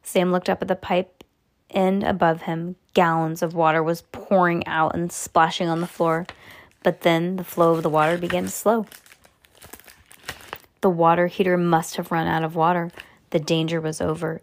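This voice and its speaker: A woman reading a children's chapter book aloud, lively and animated, her voice jumping high on the exclamations. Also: moderate pace, vocal fry. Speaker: storybook reader.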